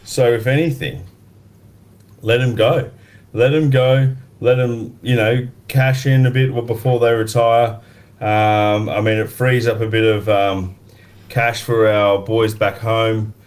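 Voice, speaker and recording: A man's voice: on the low side, steady tone, takes it slowly, a little mellow. A man on a panel, laid-back and cheeky, talking in slangy banter. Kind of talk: casual banter.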